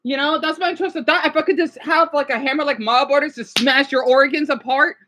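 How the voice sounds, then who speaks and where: A woman's voice: sits high, fairly even intonation, fairly quick, pushed and bright. A woman vlogger ranting casually, frustrated and swearing at her laptop.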